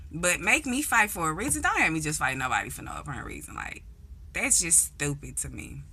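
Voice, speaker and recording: A woman's voice: sits low, big pitch swings, fairly quick, vocal fry, sharp tone, husky. A young woman with a St. telling blunt, profane stories in a casual vlog, acting out the voices of people she quotes. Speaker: vlogger. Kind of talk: casual storytelling monologue.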